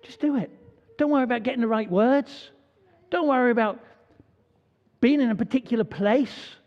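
A man's voice: very high voice, normal speed, darkish tone. A man leading an all-age church service, chatty and full of questions for the children. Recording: dull, echoey church hall recording.

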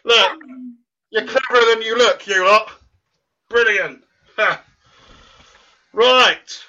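A man's voice: sits high, slow pace, bright, forceful tone, a little hiss or hum, exaggerated voice. A man voicing a cocky, boastful male quizmaster character who teases the kids in a comic church sketch. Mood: smug teasing. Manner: teasing, boastful, playfully smug. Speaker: quiz host at a church service. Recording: muffled lo-fi recording.

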